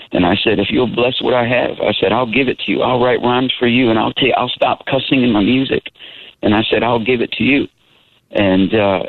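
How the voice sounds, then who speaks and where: A man in his thirties giving an earnest, emphatic testimony as an interview guest, talking casually. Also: fairly low pitch. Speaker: interview guest, Christian rapper. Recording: tinny phone-like line, dry.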